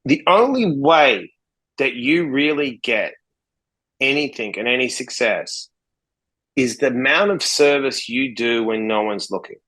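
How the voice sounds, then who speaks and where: A man's voice: mid-range voice, expressive, measured pace, fairly bright tone, rough recording. A man from Australia, a podcast guest, telling stories bluntly and swearing freely as he acts out conversations. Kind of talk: casual interview storytelling.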